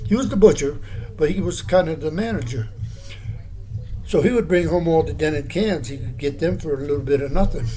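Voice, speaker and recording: An older man vlogs to the camera in a warm, fairly high-pitched voice, rambling casually in a plainspoken, meandering monologue. He uses many fillers and restarts.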